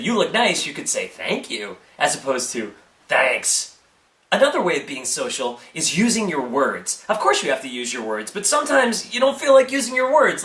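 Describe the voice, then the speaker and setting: A man hosting a comedic tips video, animated and acting out silly example replies. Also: on the high side, distant mic. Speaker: host. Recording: echoey room.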